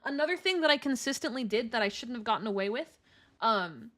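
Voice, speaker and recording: Lively high-voiced young woman telling stories. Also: quick pace. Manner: animated, swears casually, laughs often. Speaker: streamer. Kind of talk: casual storytelling chat.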